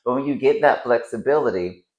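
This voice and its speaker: A man's voice: mid-range voice, expressive, fairly quick, darkish tone. A man co-hosting a podcast in casual chat, emphatic and swearing freely, acting out his own inner voice. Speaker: podcast co-host. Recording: roomy echo.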